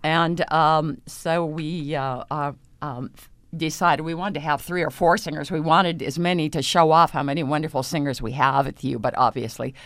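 Low-voiced woman speaking in a dry studio. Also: fairly even intonation, fairly bright tone, no echo. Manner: unhurried, explanatory, with frequent hesitations and light laughs. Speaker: opera singer and voice teacher. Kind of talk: radio interview guest.

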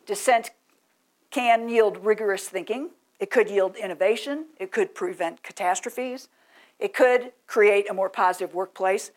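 A woman giving a lively presentation and asking the audience questions. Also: medium pitch. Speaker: speaker.

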